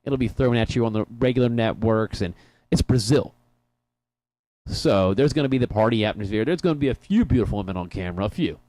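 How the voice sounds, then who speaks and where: A man's voice: lowish voice, animated, brisk, dark tone, no echo. A man co-hosting a soccer talk show, chatting casually with frequent laughs and rambling restarts. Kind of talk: casual sports chat. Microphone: headphones in a studio.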